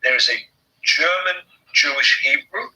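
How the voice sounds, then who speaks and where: English guy, super bright voice, rambles with lots of ums, sounds like a phone call. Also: fairly high pitch, a little slow. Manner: discursive, many fillers and restarts. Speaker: guest historian and author. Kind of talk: conversational interview.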